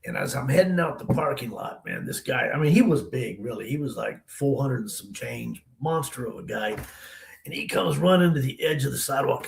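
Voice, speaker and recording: A man's voice: medium pitch, vocal fry, echoey room, poor audio. A man from the Denver area telling a long story as an interview guest, in a loose, slangy way with lots of "man" and "you know". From Denver area, USA.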